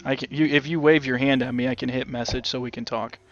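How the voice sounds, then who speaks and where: Quick, offhand man playing a tabletop game. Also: mid-range voice, steady tone, no room sound, highs cut off. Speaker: player. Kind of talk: casual tabletop play.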